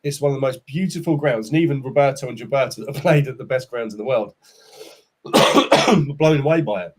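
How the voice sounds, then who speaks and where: Man, 40s, podcast guest, chatty, casual slang, candid, average pitch. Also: a little fast. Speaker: startup CEO, podcast guest. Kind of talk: casual interview chat.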